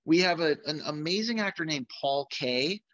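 A man's voice: fairly high pitch, animated, normal speed, a bit bright, no echo, lo-fi sound. A man who makes films, speaking casually and eagerly in a recorded video, rambling with lots of fillers. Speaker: filmmaker.

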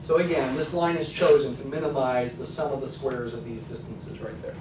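A man's voice: medium pitch, steady tone, moderate pace, noisy background. A male college statistics lecturer giving a classroom lecture, conversational and checking in with "okay?" often. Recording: echoey classroom from a distance.

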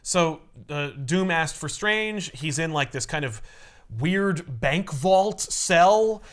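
A man casually recapping a comic story, animated and acting out the characters. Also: fairly high pitch, slow.

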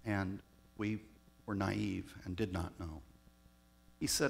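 A man, a pastor raised in Southern California, telling personal stories in a reflective sermon with pauses. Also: sits low, steady tone, vocal fry, slightly rough. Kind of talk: storytelling sermon.

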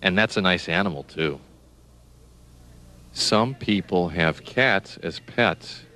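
A man's voice: low voice, takes it slowly, bright, forceful tone. A man teaching young children animal names, spelling words out letter by letter and asking the listener questions.

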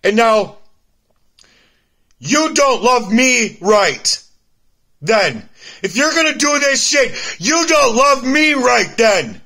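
A man's voice: very high-pitched, sing-song, slow, long pauses, sharp tone, full character voice. A man playing a grown child who confronts a cruel mother in a raised, accusing voice. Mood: furious. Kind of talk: acted confrontation in a personal video.

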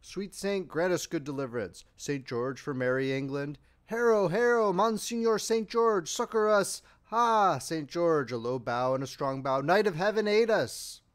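A man voicing a chorus of ghostly medieval bowmen, shouting battle cries to their saint. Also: a little high, animated, unhurried, hardly any pauses. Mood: rousing battle cry.

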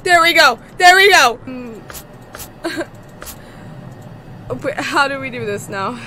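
A woman's voice: sits high, animated, takes it slowly, pushed and bright, slight background noise. A woman streamer commentating on a horror game, frightened, screaming and swearing as she plays. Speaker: gaming streamer.

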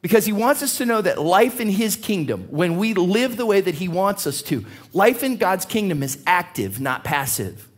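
A man preaching a sermon as pastor, telling anecdotes and reading scripture aloud in an animated way, often laughing and stumbling over repeated words. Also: sits high, normal speed, few pauses. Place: church sanctuary.

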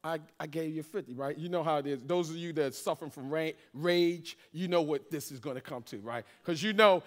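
A man's voice: fairly high pitch, a little fast. A middle-aged man, a pastor, telling a humorous personal testimony in a sermon, joking with the congregation as he goes. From Washington, D.C. area. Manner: animated storytelling, jokes with congregation.

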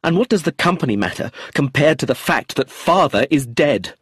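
A man voicing an excitable, flustered middle-aged man in an audiobook. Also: on the high side, brisk, slightly rough, no echo, studio quality, pitched above the performer's own voice. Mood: agitated. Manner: excited, emphatic.

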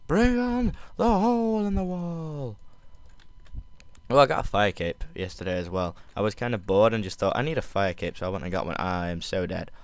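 Young man, Northern English accent, lowish voice, sweary, gameplay commentary. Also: clear, resonant tone, no room sound. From Northern England. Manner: sweary, excitable outbursts between mumbled asides; puts on London slang. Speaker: gaming video creator.

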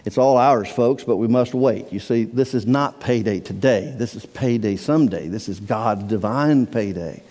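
A male pastor preaching a sermon in a church sanctuary, swinging from hushed, slow lines to near-shouted outbursts. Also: fairly low pitch. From Iowa. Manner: impassioned preaching, swelling to near-shouts on quoted words. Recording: long hall reverb.

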